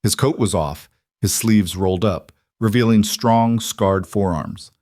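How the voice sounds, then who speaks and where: Low-voiced male story narrator. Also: unhurried, a little mellow, no echo, clean studio sound.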